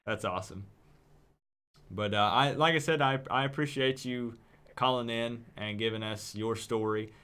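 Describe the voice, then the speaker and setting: A man's voice: medium pitch, moderate pace, fairly bright tone, slight background noise. A man from East Tennessee with its accent, hosting a livestream and taking calls in a hyped, friendly way, often repeating words. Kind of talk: casual livestream chat.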